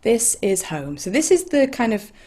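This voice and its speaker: A woman with an English accent leading an online singing session from home, gentle and encouraging, with reflective mindful asides. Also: on the high side, sing-song, normal speed. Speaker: choir leader.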